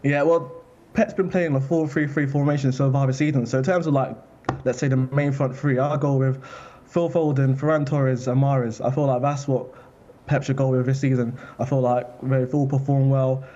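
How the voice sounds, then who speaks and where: Football journalist guy, measured opinions, warm mellow tone, muffled lo-fi sound. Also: mid-range voice, steady tone. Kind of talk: studio panel chat.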